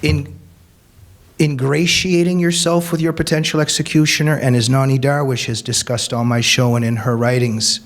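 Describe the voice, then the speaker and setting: A man's voice: medium pitch, level tone, normal speed. A man, an author, giving an earnest, emphatic speech to a live audience, telling anecdotes. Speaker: author and speaker.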